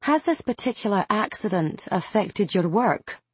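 A woman's voice: medium pitch, big pitch swings, a little slow, slightly rough, no echo. Young Scottish woman, radio host. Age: young adult. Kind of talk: radio interview.

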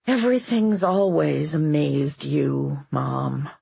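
A woman voicing a grown daughter who is earnest and gently questioning toward her mother. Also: low voice, expressive, takes it slowly, gravelly, slightly rough, dry recording, full character voice. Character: grown daughter, worried and watchful.

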